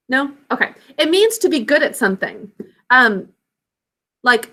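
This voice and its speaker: A young woman teaching a class, slowly sounding out words and their syllables. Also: high-pitched, animated, bright, forceful tone. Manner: clear, slow enunciation of words and sounds. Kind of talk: classroom spelling lesson.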